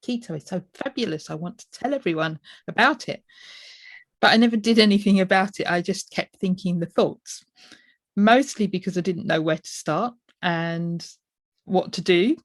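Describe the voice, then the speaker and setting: A middle-aged woman answers in a relaxed, matter-of-fact way. Her voice sits a little low. The recording is dry and close. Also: normal speed, no echo. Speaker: podcast co-host, guest. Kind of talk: casual interview chat.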